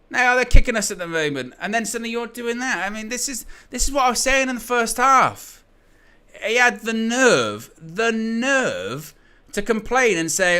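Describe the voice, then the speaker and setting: A man giving live fan commentary on a football game, his pitch leaping around as he laughs, swears and rants at the officials. His voice is bright and forceful, sitting a little high for a man. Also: lively intonation, normal speed, smooth. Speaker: fan match watchalong host.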